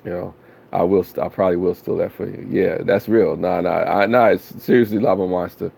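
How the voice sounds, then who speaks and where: Laid-back man with a deep gravelly voice. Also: fairly even intonation, fairly quick, darkish tone. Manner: laid-back, slangy, rambling with many fillers and chuckles. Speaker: live streamer. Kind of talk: casual live-stream chat to viewers.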